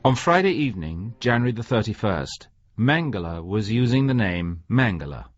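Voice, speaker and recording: A man narrating an audiobook in expressive scripted storytelling. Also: fairly low pitch, normal speed, faint music behind. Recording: dry, slightly dull audio.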